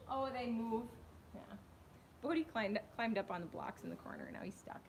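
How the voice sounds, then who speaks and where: A young woman with a fairly high voice talks her viewers through a horse lesson, rambling and chatty as she works. She speaks from a riding arena into a camera set on a tripod. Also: animated, moderate pace, gravelly, a little hiss or hum. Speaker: horse trainer. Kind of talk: live-stream riding commentary.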